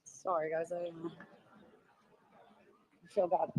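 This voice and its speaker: A woman's voice: fairly low pitch, little pitch movement, takes it slowly, a little mellow, husky, poor audio. A middle-aged woman with a Boston accent, chatting with viewers and passersby on a phone livestream from a crowded sidewalk. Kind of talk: walking livestream chat. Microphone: handheld phone.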